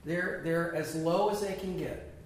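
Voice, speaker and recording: A man leads a small Bible study class, teaching conversationally and asking the group questions. His voice is high and steady, a little slow, and is picked up from far away in an echoey room with slight background noise.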